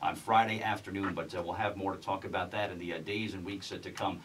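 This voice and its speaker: A man's voice: low voice, fairly even intonation, fairly bright tone, far from the mic, a little hiss or hum, poor audio. A man hosting a radio talk show, chatting casually with a guest and using a lot of fillers. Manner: quick, chatty, frequent fillers. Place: radio studio.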